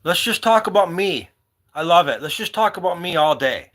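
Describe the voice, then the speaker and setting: A man's voice: sits high, animated, normal speed, fairly bright tone. A man hosting a casual livestream, rambling from one story to the next and talking to his viewers by name. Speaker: livestream host. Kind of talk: casual live-stream chat.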